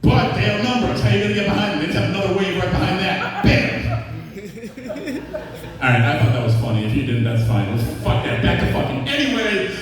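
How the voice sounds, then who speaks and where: A man's voice: sits high, very animated, fast talker. A man from Massachusetts with a Massachusetts accent, a stand-up comedian with a crude style who teases the crowd. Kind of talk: stand-up set. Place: comedy club. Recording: echoey club, far-off mic.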